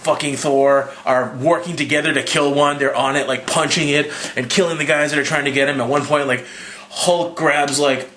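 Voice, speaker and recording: A slightly drunk young man casually recapping a movie, swearing freely and acting out lines in a raised voice. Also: normal speed. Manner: profane, excitable, acts out quotes in a higher voice. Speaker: movie reviewer.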